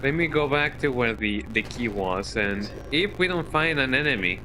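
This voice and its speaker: A man streaming a video game live, talking to himself in a worried, halting way and yawning now and then. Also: mid-range voice, animated, noisy background. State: sleepy, yawning. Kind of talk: casual live gameplay commentary.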